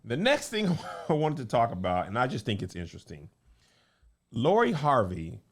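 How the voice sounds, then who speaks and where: A man's voice: medium pitch, huge pitch swings, normal speed. A man hosting a casual talk show, chatting playfully and mimicking voices while he tells stories. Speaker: podcast host. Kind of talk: casual chat.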